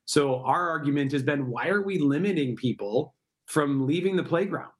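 A middle-aged man answering interview questions at length, earnest and persuasive. His voice sits a touch high for a man, and he builds his points with steady conviction. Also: normal speed. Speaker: guest, park project founder.

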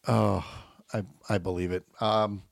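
A man's voice: lowish voice, steady tone, unhurried, creaky, no room sound, clean studio sound. A man in his fifties hosting a radio morning show, chatting casually and joking with fillers. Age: 50s. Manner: chatty, jokey, loose with fillers.

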